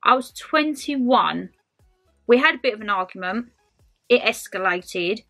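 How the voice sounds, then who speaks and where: A young woman in her twenties chats on camera, rambling easily through viewer questions. Her voice is bright and forceful and sits a little high. Soft music plays faintly underneath. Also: expressive, unhurried. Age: 20s. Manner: chatty, rambling, calls viewers "my lovelies". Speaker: lifestyle vlogger. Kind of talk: casual Q&A chat to camera.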